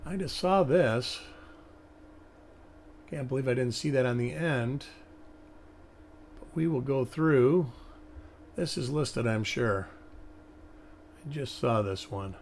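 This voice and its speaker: A man's voice: medium pitch, darkish tone, a little hiss or hum. A male host giving casual live-stream commentary, thinking aloud and rambling as he examines coins. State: hiccups.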